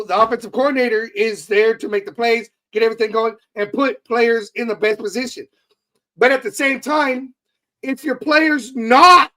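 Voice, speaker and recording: A man's voice: very high-pitched, pushed and bright, poor audio. A man co-hosting a casual sports talk show, talking bluntly and swearing freely. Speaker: podcast co-host.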